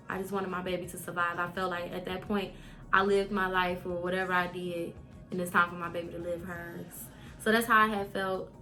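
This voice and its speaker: A young woman vlogging a candid, animated personal story, full of casual fillers. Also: lowish voice.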